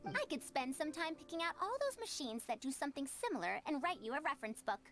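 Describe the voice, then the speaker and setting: A calm, learned scholar, speaking high with a lively, rising and falling tone. She explains things in a measured, instructive way. Faint game music plays under her. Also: exaggerated voice. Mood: explaining.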